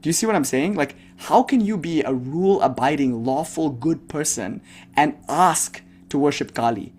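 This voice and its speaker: A man's voice: on the high side, normal speed, darkish tone. A man giving a devotional talk as a spiritual teacher, turning into a blunt, impassioned rant that swears freely and mocks the people he imagines asking him questions.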